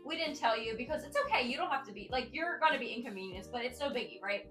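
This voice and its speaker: Give me a woman playing a breezy, placating vet receptionist with a fairly high voice. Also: animated, fast, bright, forceful tone. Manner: overly reassuring, rambling. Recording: echoey room, faint music.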